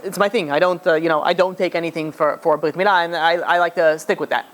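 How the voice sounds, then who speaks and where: A man's voice: a little high, steady tone, quick pace, a bit bright, lightly acted. A man voicing a wealthy man who politely but firmly refuses payment.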